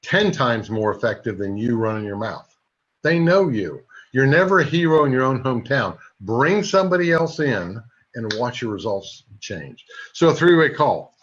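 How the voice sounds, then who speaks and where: A man in his sixties giving a sales training talk, a lively storyteller who throws quick asides to his audience. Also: medium pitch, slight background noise. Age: 60s. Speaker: network marketing trainer. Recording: dull lo-fi recording.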